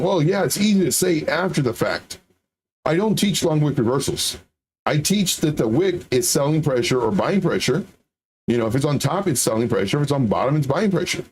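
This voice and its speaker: Animated man teaching chart trading. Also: a little high. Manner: animated, mimics viewers and rival teachers. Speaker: trading educator on a livestream. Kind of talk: livestreamed market commentary.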